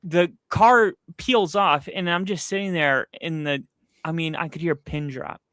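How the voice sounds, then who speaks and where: A man's voice: on the high side, measured pace, no echo. Rambling man telling stories, dry close mic. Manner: rambling, animated storyteller with frequent fillers. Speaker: podcast co-host. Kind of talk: casual storytelling chat. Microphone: streaming setup, close mic.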